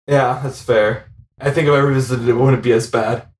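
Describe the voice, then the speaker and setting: A man co-hosting a casual film podcast, who laughs often and talks in an animated, chatty way. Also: mid-range voice, fairly quick. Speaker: podcast co-host.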